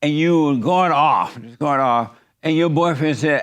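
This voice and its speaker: Blunt man host asking teasing questions, kinda high voice. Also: normal speed, hardly any pauses. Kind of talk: provocative interview questions.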